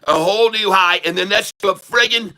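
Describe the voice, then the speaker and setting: A man from Ireland hosting a stock market show, ranting furiously and profanely, repeating himself and sometimes shouting. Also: high-pitched, fairly quick. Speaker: stock market video host. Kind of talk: angry ranting market commentary. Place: Dublin, Ireland.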